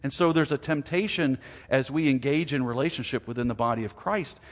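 A middle-aged male pastor preaching a conversational, self-deprecating sermon with animated emphasis. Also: mid-range voice, a little fast, long reverb tail. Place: church sanctuary.

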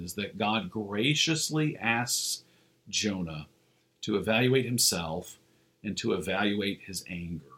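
A man preaching a sermon as pastor, earnest, with "uh" fillers, slowing down for emphasis. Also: lowish voice, a bit bright.

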